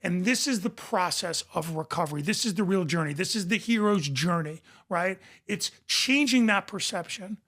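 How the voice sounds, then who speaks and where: A man's voice: sits high, expressive, normal speed, hardly any pauses, a bit bright. A man speaking as a podcast guest and recovery coach, in passionate conversation, emphatic and repeating phrases for emphasis.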